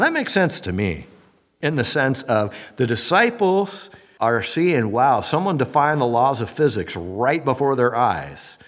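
A man preaching a sermon as a pastor, animated, acting out the voices of the people he quotes. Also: a little high, husky, long reverb tail.

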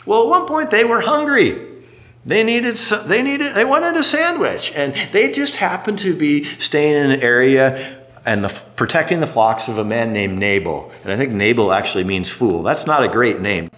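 A middle-aged man preaching a sermon, telling a story in an animated way and acting out what people said. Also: mid-range voice, normal speed. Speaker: pastor.

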